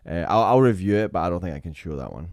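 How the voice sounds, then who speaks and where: A man's voice: low-pitched, animated, quick pace, a little mellow, no room sound. A man working as the show's producer, speaking hesitantly with fillers in casual chat. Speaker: producer handling the video.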